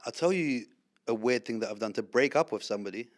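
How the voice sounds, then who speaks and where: A man's voice: medium pitch, lively intonation, fast talker. A man hosting a casual podcast interview, teasing his guest and telling a long story in a playful way. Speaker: podcast host.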